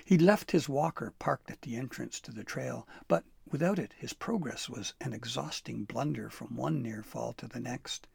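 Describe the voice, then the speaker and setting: A man narrating a storybook with an expressive, dramatic read-aloud manner. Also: medium pitch, moderate pace, vocal fry, few pauses, breathy edge, no room sound, clean studio sound.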